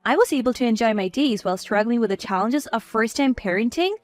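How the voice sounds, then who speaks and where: A woman's voice: fairly high pitch, animated, quick pace. A woman narrating a first-person story in a cool, firm manner.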